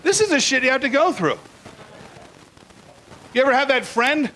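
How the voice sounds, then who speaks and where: A man's voice: very high-pitched, very animated, moderate pace, bright, forceful tone, a little hiss or hum, low-quality recording. An older man doing a crude, blunt stand-up comedy routine, acting out bits in put-on voices.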